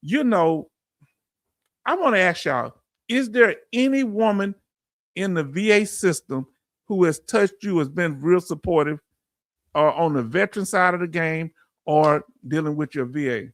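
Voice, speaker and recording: A man hosting a casual livestream, reading viewer comments aloud and giving heartfelt shout-outs. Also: fairly high pitch, expressive, measured pace, no room sound. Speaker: livestream host.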